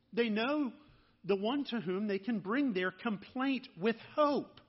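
Slow, high-voiced man preaching a sermon. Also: highs cut off. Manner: earnest, slowing down and dropping soft on key phrases. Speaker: pastor.

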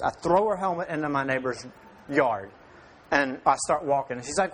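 Man, 30s, slightly higher voice, self-mocking storyteller who acts out every line. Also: normal speed, fairly bright tone. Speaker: father telling a personal story to an audience. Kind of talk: humorous personal storytelling.

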